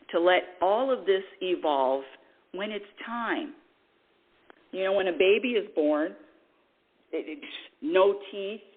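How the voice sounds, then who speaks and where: Woman, spiritual radio host, animated preaching, tinny phone-like sound. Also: mid-range voice, slightly rough. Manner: animated, preachy, acts out quoted voices. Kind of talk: spiritual talk radio monologue.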